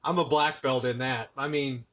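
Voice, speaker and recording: A man's voice: mid-range voice, normal speed. A man hosting a casual podcast conversation, telling stories and acting out what people said. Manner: animated storyteller, acts out quotes. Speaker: podcast host. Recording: dull lo-fi audio.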